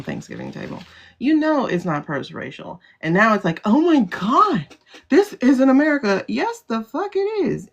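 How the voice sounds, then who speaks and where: A woman's voice: medium pitch, vocal fry. A woman hosting a casual livestream, talking bluntly and animatedly, laughing often and swearing freely. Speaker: livestream host. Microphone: phone livestream.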